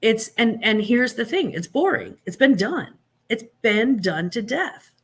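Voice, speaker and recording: A woman's voice: on the high side, sing-song, a little slow, breathy edge. A woman hosting a live stream, giving blunt, sarcastic opinions in casual chat, with many fillers and restarts.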